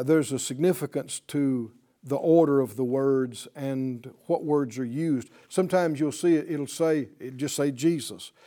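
A man with a fairly high, mellow voice teaches a Bible class. He speaks emphatically and quizzes his students with questions, and they answer him.

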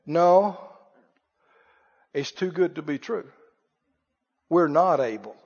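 A preacher acting out fearful, defeated scouts. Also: male voice, expressive, takes it slowly, breathy edge, heavily acted. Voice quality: quiet, deflated and low. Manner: despairing, giving up. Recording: dull audio with long hall reverb.

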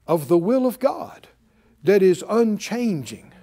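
Man, sermon, high voice, lively intonation, emphatic, folksy, repeats words. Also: takes it slowly. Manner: animated, emphatic, chuckles often. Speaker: Bible teacher.

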